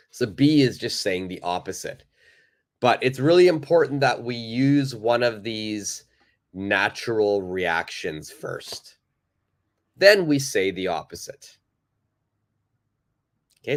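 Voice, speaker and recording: A man's voice: on the low side, lively intonation, slow, pauses often. A man teaching a live online English lesson, chatting loosely with many fillers and reading from the chat.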